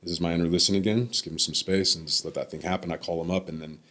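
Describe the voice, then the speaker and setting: A man's voice: low voice, fairly even intonation, very fast, a bit bright. A man in his thirties, a podcast guest, telling a personal story in a reflective way and sometimes acting out what others said. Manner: reflective, acts out the voices of others.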